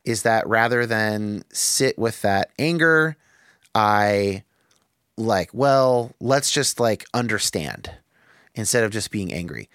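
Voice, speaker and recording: A man's voice: fairly low pitch, lively intonation, takes it slowly, fairly bright tone, clean tone, dry recording, clean studio sound. A man hosting a podcast, talking candidly and reflectively, thinking aloud with restarts and the odd swear word. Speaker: podcast host.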